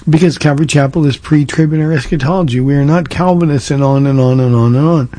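A man's voice: a little high, fast talker, hardly any pauses, dark tone, no echo. A man who pastors a church, answering listener questions in a casual call-in format, earnest and conversational with frequent restarts. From Southern California. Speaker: pastor hosting a call-in radio show. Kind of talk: call-in Q&A talk.

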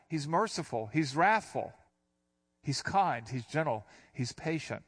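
A middle-aged man teaching the Bible in an easygoing, conversational way. His voice sits at an ordinary pitch, and he talks through each passage with casual asides and repeated phrases. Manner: explains verses with relaxed asides and repetition.

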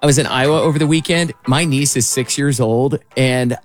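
A man's voice: mid-range voice, normal speed, over loud music. A man hosting a radio show, telling family stories in casual chat and laughing easily.

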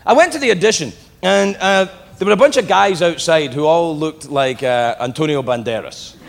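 A man doing a stand-up comedy set, telling stories in animated fashion and slipping into put-on voices. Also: fairly high pitch, normal speed, gravelly. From England. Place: large comedy venue with live audience. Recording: echoey hall, noisy crowd.

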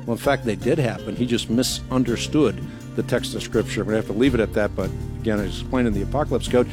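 A man's voice: fairly low pitch, fast, music in the background. A man hosting a radio broadcast, explaining scripture emphatically with rhetorical questions. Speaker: radio show host answering Bible questions.

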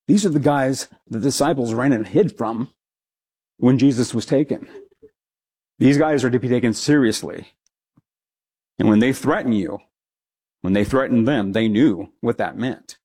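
A man's voice: mid-range voice, a little mellow. A man, a pastor, teaching a Bible passage in a conversational sermon, with frequent asides and restarts. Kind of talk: expository sermon.

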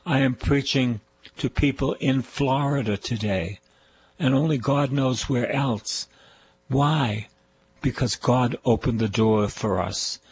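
A man's voice: mid-range voice, slow, slight background noise, rough recording. An older man with a Boston accent preaching a radio sermon, emphatic and repetitive as he exhorts his listeners. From Boston, USA.

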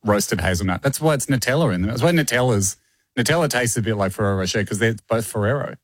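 Male co-host, animated storyteller, lively pitch, dry close sound. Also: fast, dry recording. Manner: animated storytelling, laughs often. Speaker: podcast co-host. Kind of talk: casual chat.

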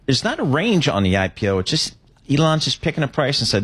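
A male reporter talks through a market deal in a relaxed, casual on-air chat. His voice sits in a mid pitch. He is agreeable and easygoing. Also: fast talker, husky.

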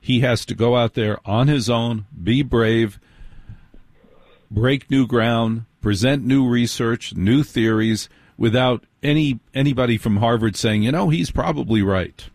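A man hosting an interview in casual chat, speaking in an earnest, measured way. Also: mid-range voice, a little mellow, no echo. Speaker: podcast host.

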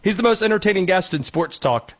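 A man with a Cajun accent hosting a sports talk radio show, loud, excitable and jokey. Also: brisk, no echo. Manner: loud, excitable, jokey, swings pitch for emphasis.

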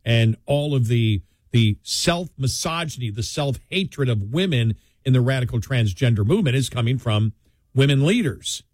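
An older radio host from New York in a dry, close studio sound. He talks casually and jumps his pitch high when mimicking others. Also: normal speed, dry recording. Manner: animated, swings pitch for mocking quotes. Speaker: radio talk show host. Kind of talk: casual talk radio chat.

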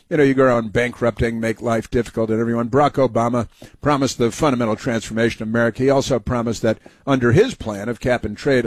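A man's voice: mid-range voice, dry recording. A man hosting a talk show, giving a rambling, sarcastic monologue full of fillers and restarts. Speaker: talk radio host.

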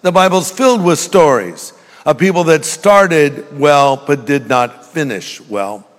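Older male pastor with a joking delivery, a touch high, preaching in a reverberant church hall. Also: lively intonation, a little slow. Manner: humorous storytelling, jokey asides to the congregation. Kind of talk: sermon.

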